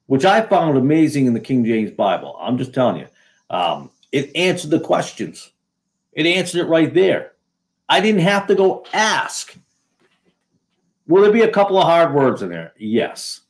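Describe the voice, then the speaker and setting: A man from New England hosting a casual solo video, talking in a sarcastic, rambling way with many fillers and restarts. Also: mid-range voice. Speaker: video host.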